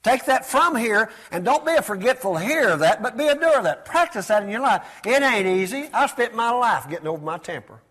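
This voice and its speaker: A man preaching a sermon in call-and-response style, asking the congregation to repeat words after him and swinging between loud exclamations and soft asides. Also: sits high, slightly rough.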